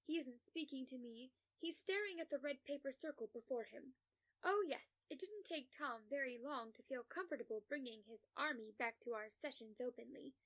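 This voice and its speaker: A woman reading a first-person story aloud in a measured, condescending therapist's manner. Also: high-pitched, a bit bright. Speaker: narrator.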